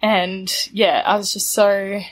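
Aussie woman in her 20s telling a story, relaxed, lots of "like", laughs a bunch. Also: mid-range voice, slow pace. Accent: Australian. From Australia. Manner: laid-back, laughs often, says "like" a lot. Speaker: guest telling a travel story. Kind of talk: casual storytelling.

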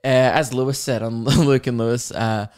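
A man's voice: medium pitch, moderate pace. Young aussie guy on his comedy podcast, rambling story, jumps into silly voices, swears a lot. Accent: Australian. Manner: animated, acts out quoted voices, swears freely, laughs mid-story. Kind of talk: casual storytelling chat.

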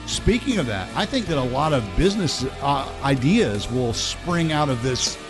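A man's voice: mid-range voice, lively intonation, moderate pace, over music. Rambling man podcast co-host. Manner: rambling, trailing off, repeats words. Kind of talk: casual banter.

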